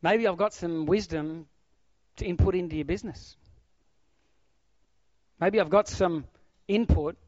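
A middle-aged pastor, male and slightly high-voiced, gives a sermon at a measured pace with long pauses, moving animatedly from loud bursts to quiet near-whispers. It's a dry, close recording with no room around it, a bit dull and lo-fi.

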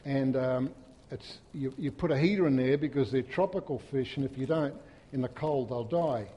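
A man preaching a sermon in a church, swinging from loud, emphatic peaks to soft, hushed stretches. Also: medium pitch, moderate pace, slightly rough, big-room sound, highs cut off. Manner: impassioned, rising to loud emphatic peaks then dropping soft. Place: church hall.

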